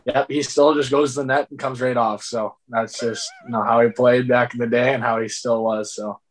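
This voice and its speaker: Young male athlete guest, average pitch, easygoing storyteller who laughs a lot. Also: steady tone, moderate pace. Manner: laid-back, laughs while telling stories. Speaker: guest hockey player. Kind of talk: casual interview chat.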